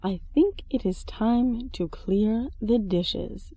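A woman's voice: mid-range voice, takes it slowly, mellow, breathy edge, no room sound, dull audio. A woman voicing a polite, eager cat who works as a busboy and speaks formally.

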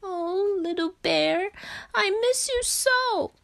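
A woman's voice: high-pitched, big pitch swings, takes it slowly, voice pushed up, heavily acted. A woman voicing a small male frog in a storybook reading, anxious and loving, asking pleading, tearful questions.

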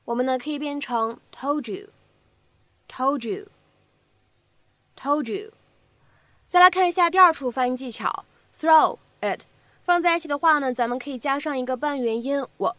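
A woman English teacher giving a spoken English lesson, cheerful and clear, repeating phrases as she explains them. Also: sits high, fairly bright tone, dry recording.

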